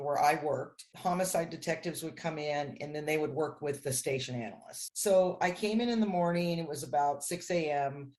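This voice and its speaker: Woman telling a story with lively voices. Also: low-pitched. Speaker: crime analyst guest. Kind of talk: storytelling in a podcast interview.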